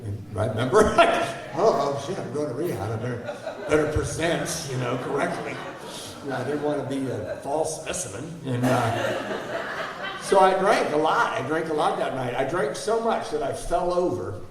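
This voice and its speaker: A man's voice: medium pitch, lively intonation, normal speed, a crowd in the background. A man in his sixties telling a candid, self-deprecating personal recovery story to an audience, asking them questions as he goes. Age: 60s. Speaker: guest speaker. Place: large hall before an audience. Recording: echoey hall, mic far off.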